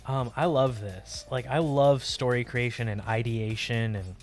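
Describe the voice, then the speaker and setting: A young man chatting casually on a live art stream, rambling warmly about a character and greeting viewers by name. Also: medium pitch, fairly even intonation, unhurried, soft background music. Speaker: livestream artist.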